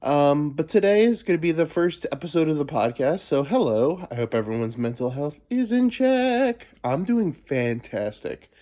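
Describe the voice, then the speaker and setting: Man hosting a casual solo podcast, rambling, playful, swearing, getting over a cold, animated pitch. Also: normal speed, few pauses. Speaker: podcast host.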